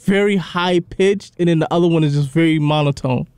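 A man in casual banter who talks fast and repeats words as he builds up his point. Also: a little high, darkish tone, clean tone, no echo. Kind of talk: casual podcast chat.

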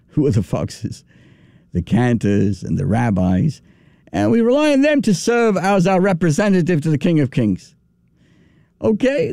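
A rabbi giving an animated, folksy sermon with restarts. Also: male voice, fairly high pitch, dry recording, clean studio sound. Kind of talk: sermon with storytelling.

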